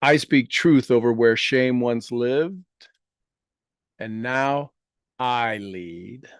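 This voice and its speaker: Guy leading a slow guided meditation, gentle, repeats each line softly, dry close sound. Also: medium pitch, clean tone, no echo. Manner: slow, gentle, repeats each affirmation in trailing soft phrases. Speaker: meditation leader. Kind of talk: guided meditation with spoken affirmations.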